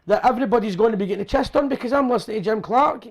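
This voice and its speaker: A Scottish man hosting a fan chat show and phone-in, telling rambling jokey stories and checking in with "right?" as he goes. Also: very high-pitched. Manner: fast, rambling and jokey, with constant tag questions. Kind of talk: casual chat and storytelling.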